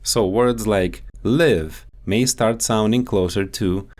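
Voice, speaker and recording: Male dialect coach, fairly low voice, unhurried and deliberate delivery, scripted teaching voice-over. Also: a little mellow. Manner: measured, explanatory, deliberate.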